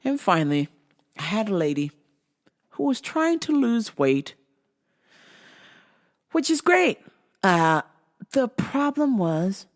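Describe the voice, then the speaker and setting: A woman's voice: mid-range voice, big pitch swings, slow pace, pauses often. A woman telling a profane, brash comedic story about customers at her store. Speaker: store worker telling stories.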